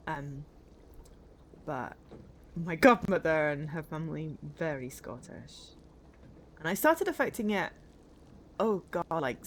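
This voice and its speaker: An English woman talks her way through a video game on stream, in a lowish voice. She rambles and keeps cutting herself off mid-thought, loose and chatty. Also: a little hiss or hum. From northern England. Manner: rambling, self-interrupting, chatty. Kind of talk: casual chat while playing a game.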